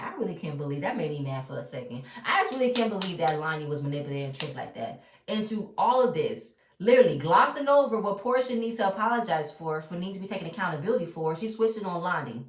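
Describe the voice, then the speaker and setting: A woman's voice: fairly low pitch, a little hiss or hum. A woman ranting bluntly and with strong opinions while recapping a reality show, swearing freely. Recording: roomy, mic at a distance.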